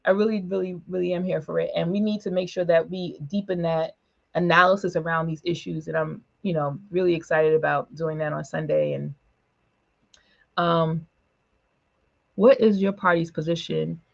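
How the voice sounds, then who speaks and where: A woman speaking emphatically in a political broadcast discussion, with quick asides and short laughs. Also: lowish voice, fairly even intonation, vocal fry, highs cut off. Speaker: panelist for a women's political organization.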